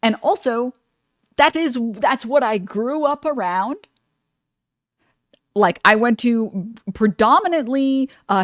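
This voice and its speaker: A woman's voice: a little high, dry recording. Blunt New woman streamer, dry sound. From New York. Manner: blunt, animated, swears freely. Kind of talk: casual reaction stream chat.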